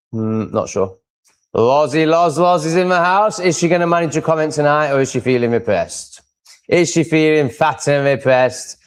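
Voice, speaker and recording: A man's voice: on the high side, clean tone. Rambling man hosting a live stream. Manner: rambling and opinionated, with many fillers and restarts. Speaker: livestream host. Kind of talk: casual live-stream chat, reading out viewer comments.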